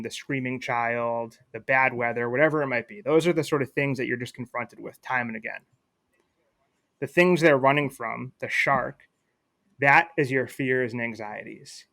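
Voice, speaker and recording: Podcast guest: man with a bright voice, casual and reflective, telling a story. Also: medium pitch, no echo. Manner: reflective, many fillers and restarts. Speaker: guest, attorney.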